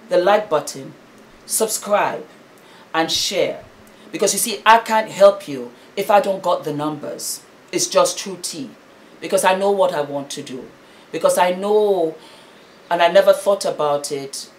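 A woman in her forties speaks straight to her viewers in a slightly low voice. She moves from hushed, heartfelt tenderness to forceful, repeated exhortations, like a preacher rallying a crowd. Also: slight background noise. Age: 40s. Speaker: YouTube commentator. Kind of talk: impassioned commentary vlog.

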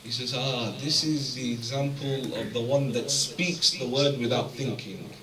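A man from the UK giving a sermon as a guest speaker, telling stories that swing from hushed to impassioned. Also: medium pitch, steady tone, unhurried. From United Kingdom. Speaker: guest speaker at a religious gathering. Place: large hall with an audience. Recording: echoey hall, mic at a distance, crowd present.

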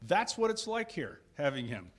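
Male host, upbeat and rambling, fond of dad jokes, voice a bit high. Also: big pitch swings, moderate pace, a bit bright. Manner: jokey, laughs often, rambling asides. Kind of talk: casual chat.

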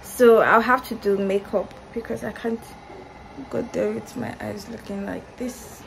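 A woman's voice: medium pitch, steady tone, unhurried, gravelly, slight background noise, low-quality recording. A young woman vlogging candidly in casual, slangy talk from her hostel room, recorded on a phone camera. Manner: candid, upset and ranting, slangy. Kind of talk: casual vlog chat.

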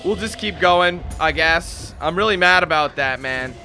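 A young man commentating on a game he is playing, excitable and cursing at it. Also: fairly high pitch, unhurried, gravelly, soft background music. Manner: excitable, swears and yells at the game. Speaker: let's play gamer. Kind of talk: gameplay commentary.

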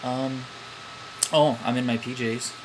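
A man's voice: mid-range voice, steady tone, takes it slowly. A young man with a Midwestern American accent, hesitant and full of ums as he chats casually to the camera at home. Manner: hesitant, lots of ums and "I don't know". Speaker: vlogger. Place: at home, in pajamas. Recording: air conditioner hum behind.

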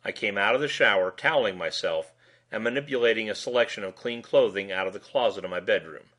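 A man's voice: lowish voice, fast talker, a bit bright. A man reading a short story aloud in a dry, wry first-person narration.

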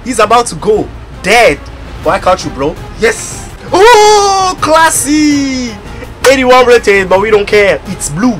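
A man with a very high voice gives gaming commentary as he opens packs. He is excitable and bursts into loud exclamations, with his pitch leaping all over. Between the outbursts his delivery is unhurried, with soft music behind him. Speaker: gaming YouTuber. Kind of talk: pack-opening gameplay commentary.

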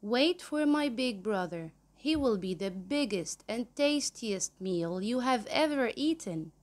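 The second billy goat from a storybook keeps cool and talks his way past the troll, voiced by a woman reading aloud. The delivery is fairly high-pitched and slow, plain and steady. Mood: bargaining. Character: middle billy goat, clever and calm.

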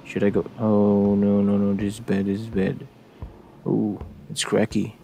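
Young male let's player, low gravelly voice, nervous repetitive muttering. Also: completely flat delivery, normal speed, background noise. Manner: jittery, repeats words in nervous runs. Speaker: gameplay streamer. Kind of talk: let's play commentary.

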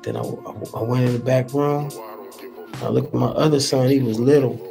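Gravelly-voiced man. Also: medium pitch, moderate pace, soft background music. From Los Angeles. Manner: profane, animated storyteller acting out quotes. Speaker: rapper. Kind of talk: casual storytelling.

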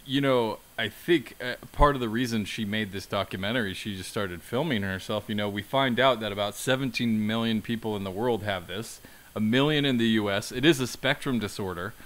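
A man's voice: on the low side, a little fast, a bit bright. A man hosting a casual film podcast, summarizing in an easygoing way with many fillers. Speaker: podcast host.

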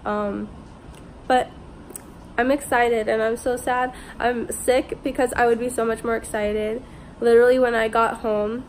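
Woman vlogger, casual chatty delivery, slightly high voice, lots of fillers. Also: fairly even intonation, a little fast, a little mellow, slight background noise. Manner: chatty, fills with "like" and "literally". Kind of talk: casual vlog chat to camera.

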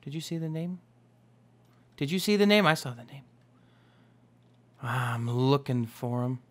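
A young man chatting casually as he narrates his own gameplay, upbeat and quick to exclaim. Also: mid-range voice, expressive. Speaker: Minecraft let's play host.

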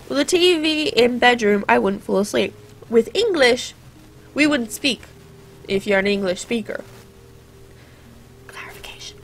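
High-voiced, chatty teenage girl gamer. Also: animated, unhurried, pauses often. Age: teens. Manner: chatty, rambling, playfully sarcastic. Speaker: gaming channel host. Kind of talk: casual gameplay commentary.

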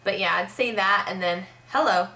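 A young woman talking to camera in a loose, rambling vlog chat, her speech full of "like" and "um". Her voice is bright and forward. The sound bounces around an echoey room. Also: mid-range voice, measured pace. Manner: chatty, rambling, heavy use of "like". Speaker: vlogger.

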